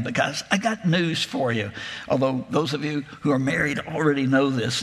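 In a large hall full of long reverb, a preacher with a slightly high, fairly bright and slightly rough voice retells a gospel story. His approach is reflective and imaginative.

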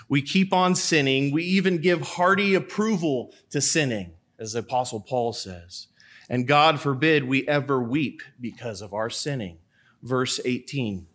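A man's voice: medium pitch, fairly bright tone. A man, a priest, preaching a sermon in a church, asking rhetorical questions and repeating them for emphasis.

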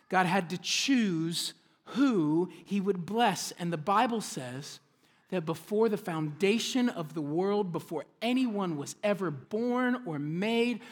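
A male pastor delivers a sermon, moving back and forth between quiet, intimate asides and loud, excited preaching. His voice sits high.

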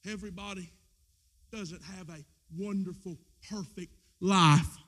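A male pastor preaching an impassioned sermon in a church, swinging from shouted lines to quiet asides. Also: high-pitched, fairly even intonation, unhurried. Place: church with a screen.

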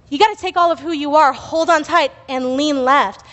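Young woman speaker, high-pitched, casual storytelling sermon, long reverb of a sanctuary. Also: fairly even intonation, a little fast, a bit bright. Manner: chatty storytelling with laughs and fillers. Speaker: youth speaker at church. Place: church sanctuary. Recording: reverberant church hall.

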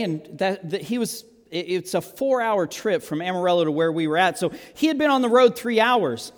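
A man preaching, telling a long personal story in an animated, self-amused way, with frequent restarts. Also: sits high, normal speed, few pauses. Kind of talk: sermon storytelling. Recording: long hall reverb.

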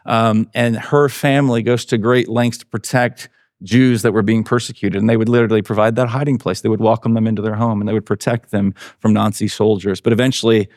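A man's voice: lowish voice, level tone, brisk, a little mellow, no room sound, studio quality. A male pastor giving a sermon in an earnest, conversational way.

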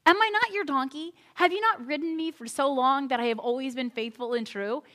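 A woman voicing a meek, faithful male donkey who pleads in a high, bright voice. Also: brisk. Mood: pleading.

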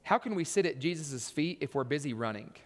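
A man's voice: on the high side, lively intonation, a little fast. Man preaching in a reverberant church. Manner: storytelling, acts out voices, punchy emphasis. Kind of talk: sermon.

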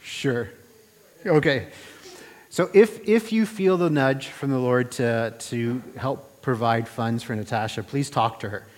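A man preaching a sermon in a relaxed, conversational way, asking rhetorical questions and often restarting his phrases. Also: mid-range voice, unhurried. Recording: reverberant hall.

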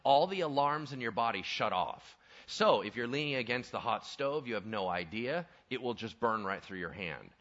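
A man preaching a sermon in a church sanctuary, telling Bible stories with humor and dropping to quiet intensity for serious points. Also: medium pitch, moderate pace, dull audio. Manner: animated, humorous storytelling, shifts to quiet intensity. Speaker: pastor.

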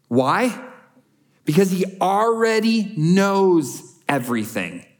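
A male pastor preaching a sermon in an earnest, emphatic way, building on repeated short phrases. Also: a little high.

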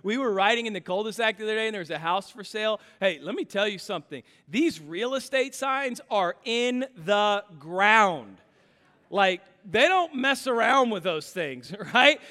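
Pastor guy in his 30s preaching, high bright voice, tells stories with lots of energy. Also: normal speed, big-room sound. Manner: animated storytelling, acts out dialogue. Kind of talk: sermon with personal stories.

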